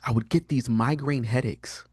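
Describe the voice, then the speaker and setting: A man in his thirties tells a story from his own life in a casual, heartfelt way. His pitch sits in the middle but leaps up when he acts out his own words, and he often stumbles and restarts. The sound is dry and close, with no room echo. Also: moderate pace, husky. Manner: animated, rises sharply in pitch when quoting himself; frequent fillers and restarts, earnest and candid. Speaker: podcast guest, prophetic teacher.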